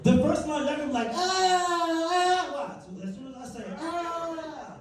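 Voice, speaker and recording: A man doing a stand-up set on a club stage, bantering with the audience, swinging between loud bursts and low mutters. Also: rapid-fire. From Virginia. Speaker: stand-up comedian. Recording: echoey club recording from far off, loud crowd. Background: audience laughter.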